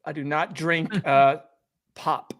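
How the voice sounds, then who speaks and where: A man's voice: fairly high pitch, fairly even intonation, takes it slowly, fairly bright tone. A man from Minnesota co-hosting a fantasy sports show, telling chatty stories in casual conversation and laughing often. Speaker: fantasy sports podcast host. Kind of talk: casual chat.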